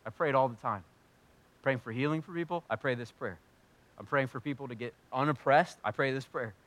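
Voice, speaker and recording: A man preaching a sermon in an animated way, swinging from loud, emphatic lines to quiet, low ones. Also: a little fast, dry recording. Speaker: pastor.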